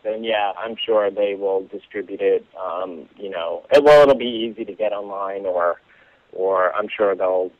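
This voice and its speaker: A man being interviewed as an actor, talking casually and haltingly with many fillers and restarts. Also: on the low side, no echo. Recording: tinny phone line, dry.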